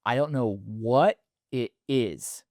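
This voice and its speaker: A man's voice: mid-range voice, slow pace, darkish tone, no room sound, clean studio sound. A man in his thirties with a stutter, hosting a casual podcast monologue in a rambling, loose way full of fillers. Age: 30s. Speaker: podcast host.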